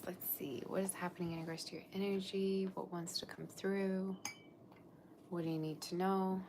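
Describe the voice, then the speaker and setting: A woman's voice: fairly low pitch, flat delivery, moderate pace, background noise. A woman reading tarot on a live stream, gushing over her viewers and chatting loosely between cards. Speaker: tarot reader.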